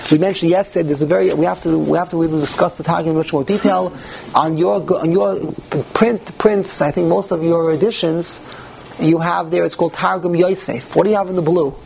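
A man's voice: fairly high pitch, steady tone, brisk, vocal fry, darkish tone, slight background noise, low-quality recording. A man teaching a classroom Talmud lecture, emphatic and often restarting, putting questions to his listeners. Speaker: Torah teacher.

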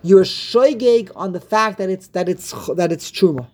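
A man's voice: high voice, normal speed, a little mellow. A man teaching a Talmud study class, teasing his partners and chanting the text in a singsong.

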